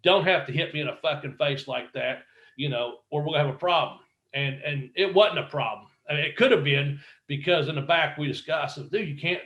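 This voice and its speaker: A former wrestler telling stories in a casual interview, swearing freely and acting out what other people said. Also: male voice, a little high, fairly quick, highs cut off. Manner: profane, animated storyteller acting out quotes. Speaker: guest, former pro wrestler.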